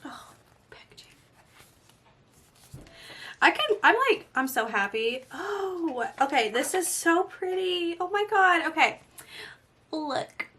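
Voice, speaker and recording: A woman beauty vlogger gushing excitedly in a casual unboxing video. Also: extremely high pitch, measured pace. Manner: gushing, excitable, often breaks into soft exclamations.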